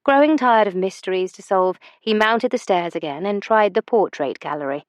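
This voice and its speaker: A woman reads a romance novel aloud with measured, expressive storytelling. Her voice sits at a middle pitch for a woman. The recording is very dry and close, with no room sound. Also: no echo. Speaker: audiobook narrator. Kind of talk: scripted romance narration.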